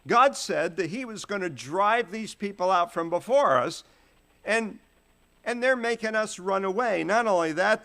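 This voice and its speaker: A man leading a Bible lesson at an unhurried, deliberate pace. His voice sits at an ordinary middle pitch, and he retells the old stories in relaxed everyday words. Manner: retells scripture in casual modern phrasing. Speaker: Bible teacher. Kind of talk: Bible study teaching.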